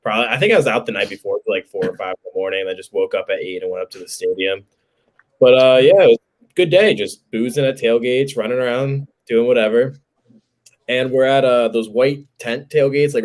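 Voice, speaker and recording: A man's voice: medium pitch, a little fast. A man in his twenties from New Jersey, telling a joking, swear-laden anecdote as a podcast co-host. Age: 20s. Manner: animated, joking storyteller who swears casually.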